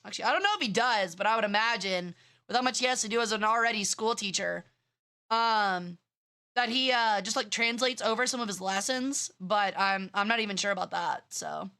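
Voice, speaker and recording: A woman's voice: mid-range voice, fairly quick, pushed and bright. A young woman streamer chatting casually and rambling, bratty in tone, swearing freely and using plenty of fillers. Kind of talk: casual live-stream chat.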